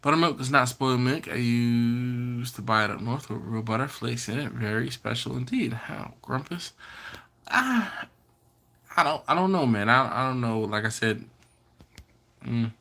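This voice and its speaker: Male stream host, bright voice, casual and teasing while reading chat aloud. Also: medium pitch, measured pace, vocal fry. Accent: Maryland. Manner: chatty, reads out viewer comments and teases them. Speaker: BBQ channel host. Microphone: computer or phone setup.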